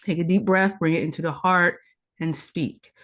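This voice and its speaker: A woman with a voice on the low side speaks at a moderate pace while appearing as a podcast guest. In this conversational interview she instructs listeners in tantra practice with earnest care, going back over her main points.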